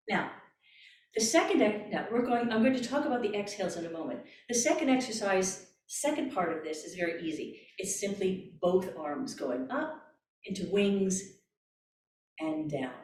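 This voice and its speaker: Gentle woman voice coach, roomy echo. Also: medium pitch, far from the mic. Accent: Canadian. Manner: calm, gentle, step-by-step guidance with demonstrated breaths. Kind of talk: guided breathing workshop instruction.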